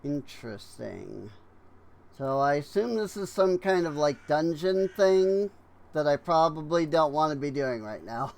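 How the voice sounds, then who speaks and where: A man streaming a game, rambling slowly with lots of fillers and yawning as he plays. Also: on the high side, sing-song, creaky, a little mellow. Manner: rambling, unhurried, many fillers and trailing thoughts. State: yawning, tired. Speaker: gaming streamer. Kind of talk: casual let's-play commentary.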